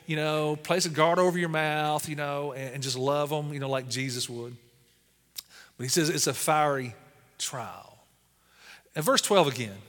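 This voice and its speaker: A man's voice: a little high, a bit bright, in a large hall. A man preaching a sermon as pastor, speaking conversationally with lots of "you know" fillers.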